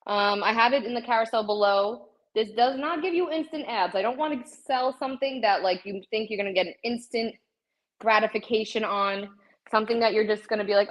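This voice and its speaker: A fairly high-voiced woman runs a live shopping stream while working out in her home gym. She is winded and huffing between phrases, yet keeps chatting casually to her viewers. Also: poor audio. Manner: chatty, talks straight to viewers as "guys". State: out of breath from cardio. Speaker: livestream host showing fitness products.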